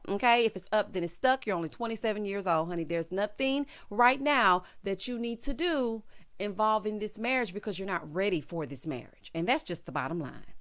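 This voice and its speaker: A woman's voice: medium pitch, fairly bright tone. A woman host giving a casual, sassy recap of a reality show, talking with features and peppering her speech with "honey" and "child.". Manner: sassy, chatty, full of "honey" and "child" asides.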